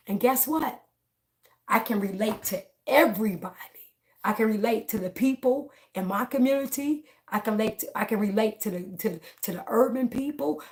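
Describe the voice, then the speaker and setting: A woman's voice: on the high side, a little mellow. A woman, talking bluntly and defiantly to her viewers in a casual opinion vlog, repeating herself often. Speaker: political vlogger.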